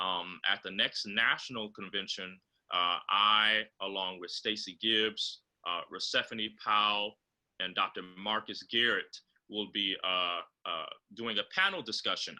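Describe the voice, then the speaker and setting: Man, composer guest, lowish voice, very bright tone, video call, instructive, filler-heavy. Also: low-quality recording. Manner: explains choral diction, often pausing on fillers. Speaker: composer and choral director guest.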